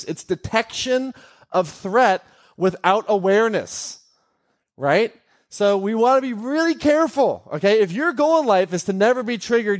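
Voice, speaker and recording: Man teaching a live crowd, high voice, swings all over, keeps asking the room stuff. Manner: animated, keeps quizzing the audience. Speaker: workshop speaker.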